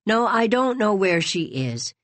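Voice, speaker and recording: A woman's voice: mid-range voice, very animated, a little slow, dry recording. A woman voicing a protective young boy who speaks in a firm, earnest voice.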